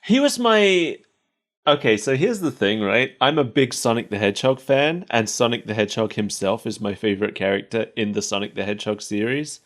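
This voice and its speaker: A man's voice: lowish voice, animated, a little fast. A man co-hosting a podcast, chatting casually and laughing often between wry asides. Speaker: podcast co-host. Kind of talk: casual chat.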